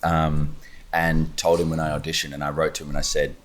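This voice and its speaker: Male guest actor, very low voice, animated anecdote teller. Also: a little fast. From Australia. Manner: animated storytelling, quoting others. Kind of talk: casual chat.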